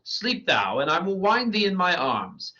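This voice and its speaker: A man's voice: high voice, sing-song, a little slow, sharp tone, pitched above the performer's own voice, heavily acted. A man reading the part of a lovestruck fairy queen, in a tender, doting way. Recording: lo-fi dull recording.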